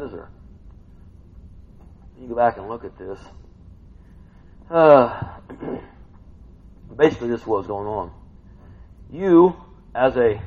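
A man preaching a sermon, swinging between hushed reading and loud excited outbursts. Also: mid-range voice, slightly rough. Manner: animated, swings from hushed to shouting. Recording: dull lo-fi recording.

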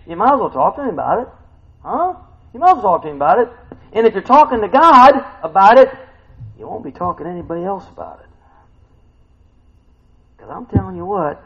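Lively high-voiced man preaching conversationally. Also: a little fast, pauses often, lo-fi sound. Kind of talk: sermon.

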